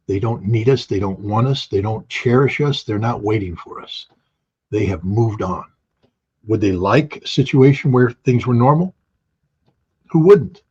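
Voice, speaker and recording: A man's voice: lowish voice, normal speed, a little mellow, husky. A middle-aged man giving blunt, emphatic political commentary as an interview guest, hammering points through repetition. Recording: dull lo-fi sound.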